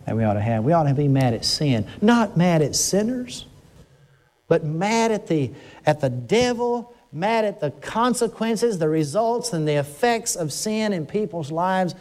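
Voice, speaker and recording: An older man preaching a conversational sermon, earnest and emphatic, slowing down to stress his words. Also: a little high, a little mellow.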